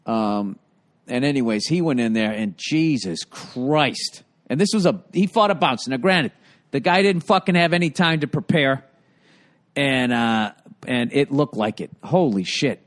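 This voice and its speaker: A man's voice: mid-range voice, expressive, unhurried. A man hosting a podcast, telling stories in a casual comedic monologue, with profane, rambling delivery. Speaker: podcast host.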